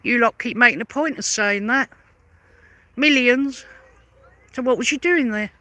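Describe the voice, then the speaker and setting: A woman rants straight at her detractors in a vlog, sarcastic and combative, hammering the same questions again and again. Her voice is sharp and tense, and the recording is dry and close with no room sound. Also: fairly high pitch, unhurried, dry recording. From London. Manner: confrontational, sarcastic, repeats pointed questions. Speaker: vlogger. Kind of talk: angry rebuttal rant to camera.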